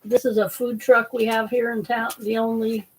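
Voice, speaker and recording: A woman's voice: on the high side, flat delivery, moderate pace, recorded from a distance, a little hiss or hum, rough recording. A woman hosting a casual live stream, chatting in a rambling, apologetic way while eating dinner. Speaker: host.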